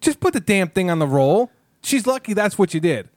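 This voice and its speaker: A man's voice: sits high, big pitch swings, brisk, darkish tone, no echo, clean studio sound. A man co-hosting a podcast in casual banter, rambling and joking as he trails off and restarts. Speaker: podcast co-host.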